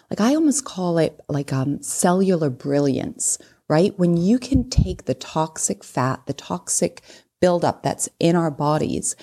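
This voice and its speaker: A woman in her mid forties speaks in a notably low voice. She is a guest on a podcast and explains things with eager analogies. Her tone is chatty and relaxed. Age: 40s. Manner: explanatory, uses analogies, giggly asides. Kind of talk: casual interview chat.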